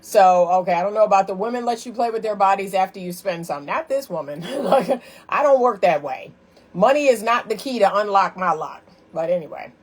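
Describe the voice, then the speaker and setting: A woman's voice: mid-range voice, animated, fairly quick, slightly rough. Frank, chatty woman giving dating advice. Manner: frank, chatty, laughing asides, addresses viewers as y'all. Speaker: relationship advice host. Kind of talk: casual live-stream advice talk.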